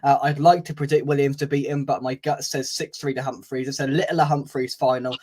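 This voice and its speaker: A man's voice: medium pitch, little pitch movement, brisk, darkish tone. A man hosting a casual fan live stream, chatting, reading out viewer comments and laughing easily. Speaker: fan channel host.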